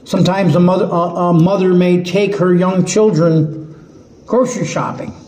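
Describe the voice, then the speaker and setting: A man preaching a sermon in an earnest, halting way, often restarting his words. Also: high-pitched, fairly even intonation, a little mellow. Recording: echoey room.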